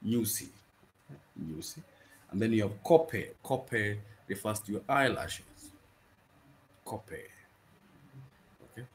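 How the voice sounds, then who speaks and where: A man's voice: lowish voice, slight background noise. A man teaching an informal language lesson, repeating each word several times, saying "okay" constantly and restarting his sentences often. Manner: drills words by repeating them, says "okay" constantly; frequent restarts and stammers. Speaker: Swahili teacher.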